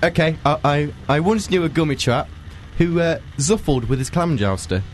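A man's voice: on the high side, expressive, normal speed. A man co-hosting a podcast, chatting casually and fumbling with hesitant restarts and laughs. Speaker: podcast co-host. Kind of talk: casual chat. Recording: faint music bed behind.

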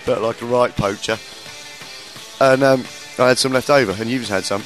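A man in his late thirties, a comedian hosting a podcast, telling stories in casual chat, swearing freely and mimicking people in a high voice. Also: steady tone, normal speed, faint music behind. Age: 30s.

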